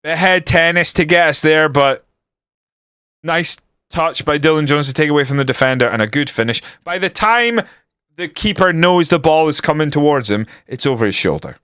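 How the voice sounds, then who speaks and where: A man commentating his football management game on a live stream, swearing and ranting, then breaking into excited match commentary. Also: a little high, normal speed, clean tone, no echo, clean studio sound.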